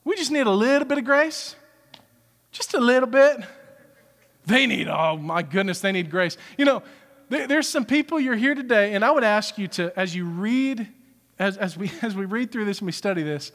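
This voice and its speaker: A man preaching a sermon as pastor, animated, acting out the story's characters as he goes. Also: high-pitched, normal speed, big-room sound.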